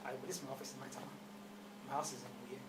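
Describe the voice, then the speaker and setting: Sitting in his office as an interview guest, a Nigerian-accented man makes his points emphatically and asks rhetorical questions. He speaks very fast in a level, mid-range voice over background noise.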